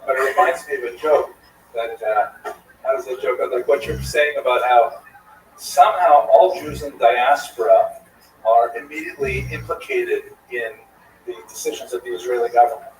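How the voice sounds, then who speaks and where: A man hosting a livestream discussion in a casual, animated way. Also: medium pitch, normal speed. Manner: animated, tells jokes. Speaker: livestream host. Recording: echoey room from far off, faint noise.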